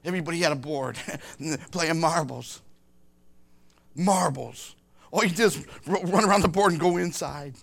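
Older man with a gravelly, high voice. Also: a bit bright. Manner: rambling, halting speech with frequent restarts. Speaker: grandfather. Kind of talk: personal storytelling.

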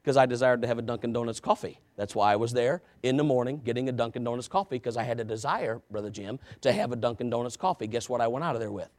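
A man preaching a sermon, telling a story with asides to the congregation and swinging from shouting to quiet confession. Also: medium pitch, fast talker, few pauses.

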